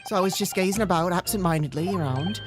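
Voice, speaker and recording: A woman's voice: on the low side, fast, lightly acted. A woman voicing a nervous male witness, a hat-maker, in a put-on British accent and stammering. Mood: flustered. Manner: stammering, flustered. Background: game music.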